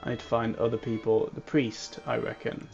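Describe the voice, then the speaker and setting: A man's voice: medium pitch, little pitch movement, a little fast, vocal fry, darkish tone, muffled recording, faint music behind. A man playing a story game, musing aloud and reading his lines with joking asides. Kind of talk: casual game commentary.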